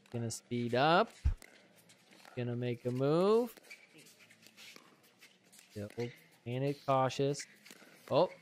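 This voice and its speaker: A man hosting a podcast, giving chatty, wisecracking commentary over match footage and getting excited on big plays. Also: medium pitch, slight background noise. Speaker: podcast host.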